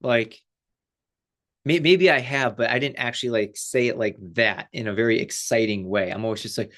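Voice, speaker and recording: A man, a life coach, giving a casual, animated spiritual talk with lots of fillers and frequent laughter. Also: medium pitch, normal speed.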